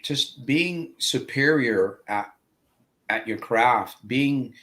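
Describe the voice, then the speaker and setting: A man's voice: medium pitch, very slow, a bit bright. A man hosting a live interview show, speaking in a motivational way with lots of fillers. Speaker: host.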